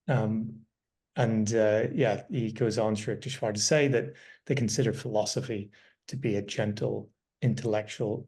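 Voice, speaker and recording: Male podcast host, lowish voice, hesitant and reflective, casual discussion. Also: a little mellow. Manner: thoughtful, hesitant with many fillers and restarts.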